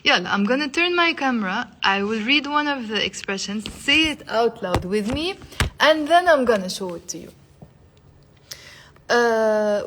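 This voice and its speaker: A woman teaching Arabic in a live online lesson. She repeats phrases slowly, then coaxes her viewers to say them aloud with her. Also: on the high side, slight background noise.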